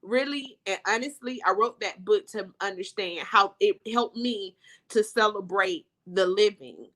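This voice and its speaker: Earnest, bright-voiced woman sharing her faith story. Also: mid-range voice, unhurried. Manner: earnest, heartfelt, with many "you know" asides. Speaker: author guest. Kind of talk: emotional faith testimony in conversation.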